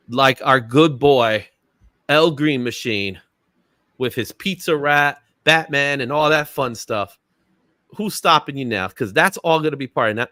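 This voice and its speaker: A man's voice: fairly high pitch, sharp tone, dry recording, clean studio sound. A man hosting a casual livestream, chatty and upbeat, laughing often and greeting viewers in the chat by name. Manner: laughs often, fillers like "you know what I'm saying". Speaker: livestream host.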